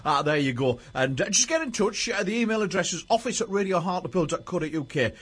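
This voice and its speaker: A man's voice: high-pitched, animated, quick pace, fairly bright tone, breathy edge. Chatty local radio presenter, a man. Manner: chatty, with frequent uh fillers. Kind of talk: casual on-air station promo.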